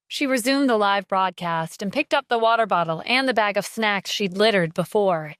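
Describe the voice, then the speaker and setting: A woman narrating a scripted audio drama with steady storytelling. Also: medium pitch, moderate pace, few pauses, clean tone, no echo, studio quality.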